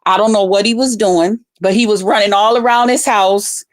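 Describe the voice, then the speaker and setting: Woman vlogger, mid-pitched voice, blunt and profane, breaks into loud excited outbursts. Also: normal speed. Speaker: vlogger reviewing a livestream contest. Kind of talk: casual commentary.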